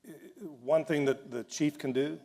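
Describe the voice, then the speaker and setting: A man interviewing a judge on stage at a dinner, pausing and restarting as he searches for words. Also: on the high side, steady tone, creaky, warm tone. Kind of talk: onstage interview at a dinner event. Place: hotel banquet room.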